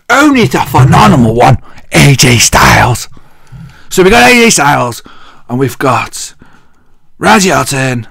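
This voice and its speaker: Cheeky English man rambling, gravelly. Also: mid-range voice, a bit bright, no room sound, clean studio sound. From England. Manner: rambling, cheeky, thinks aloud and loses his place. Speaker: wrestling show host. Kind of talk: casual rambling recap.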